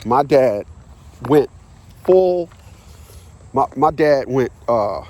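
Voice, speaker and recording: A man's voice: medium pitch, animated, very slow, dark tone. A man telling a personal story in a casual monologue. He rambles, repeats words for emphasis and swears bluntly. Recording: outdoor traffic noise.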